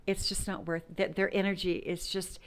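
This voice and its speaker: A woman's voice: mid-range voice, little pitch movement, moderate pace. A woman talking frankly and emphatically to her viewers about self-worth and leaving bad relationships, dropping now and then to a whisper. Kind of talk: personal talk to camera.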